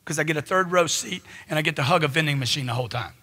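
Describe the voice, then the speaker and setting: A man's voice: a little high, very fast, pushed and bright. A man giving a live motivational seminar talk into a handheld mic, emphatic and firing off rhetorical questions. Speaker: motivational speaker.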